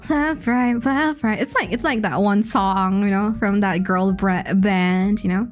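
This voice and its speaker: A woman's voice: medium pitch, unhurried, soft background music. A young woman chatting casually on a stream, playful and joking, with a giggly, rambling delivery. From Indonesia. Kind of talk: casual chat.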